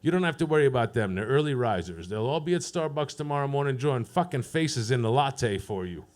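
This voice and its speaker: A man doing a profane stand-up set at an open mic, deadpan and teasing the crowd. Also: medium pitch, fairly quick. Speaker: stand-up comedian. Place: comedy club stage.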